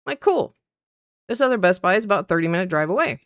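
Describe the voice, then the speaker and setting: A woman streamer chatting casually at her PC, telling a story in an animated way and acting out the other people's lines. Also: lowish voice, racing, clear, resonant tone, dry recording, clean studio sound. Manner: animated, acts out quoted dialogue. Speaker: streamer and content creator.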